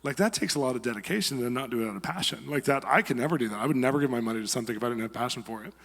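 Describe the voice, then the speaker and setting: A man giving a conversational sermon, telling stories and acting out quotes in a lively way. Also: mid-range voice, rapid-fire, creaky, husky. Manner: conversational, animated storytelling with acted quotes. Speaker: guest preacher. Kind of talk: sermon with storytelling. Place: church sanctuary. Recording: long reverb of a church hall.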